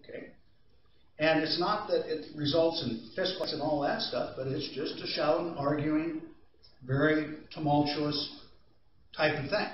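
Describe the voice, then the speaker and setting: Male trainer, fairly high voice, telling stories to a class, heard from a distance in a very echoey room. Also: a little hiss or hum. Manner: conversational storytelling with asides to the audience. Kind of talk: training presentation to a group. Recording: distant echoey room mic, slightly dull.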